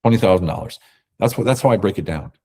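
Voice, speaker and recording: A man guest in a conversational interview, talking emphatically and telling animated stories. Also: sits low, quick pace, a little hiss or hum. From America. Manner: emphatic, animated storytelling with acted quotes.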